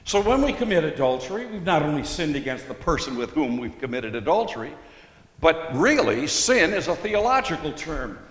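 A man preaching an expository sermon, teaching slowly and deliberately and stressing key words. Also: on the high side, big pitch swings, fairly bright tone. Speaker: pastor. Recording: echoey hall with long reverb.

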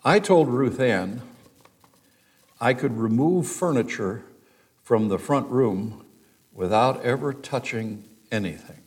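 A man's voice: medium pitch, expressive, takes it slowly, long pauses, a little mellow. A man teaching a Bible study sermon, reading scripture aloud with dramatic emphasis.

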